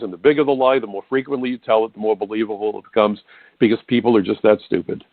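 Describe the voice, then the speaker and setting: A man's voice: mid-range voice, no echo. An older man holds forth on talk radio, indignant and emphatic, hammering his points home by repeating them. His voice sits in an ordinary middle range and comes through a thin, phone-like line. The sound is dry, with no room around it. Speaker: radio talk show host. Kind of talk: opinionated talk radio monologue.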